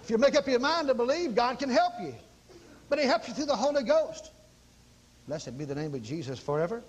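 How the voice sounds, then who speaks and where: A man's voice: very high-pitched, very animated, a little fast, slightly rough. A man preaching a sermon in a folksy, dramatic manner, acting out exclamations as he teaches.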